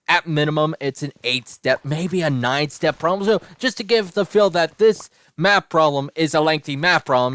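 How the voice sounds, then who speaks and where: A man's voice: a little high, a bit bright, smooth, no echo. A young man telling a rambling personal story over gameplay, often stopping to correct himself mid-sentence. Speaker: gaming channel host.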